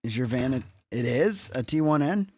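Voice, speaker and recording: Lively, animated young male streamer. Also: medium pitch, normal speed, breathy edge. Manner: loose, swearing, jokey with chat. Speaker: livestreamer. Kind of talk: casual chat.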